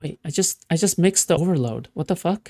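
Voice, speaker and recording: A woman's voice: fairly low pitch, animated, brisk, mellow. A woman streamer mocking a clip in casual, sarcastic reaction commentary.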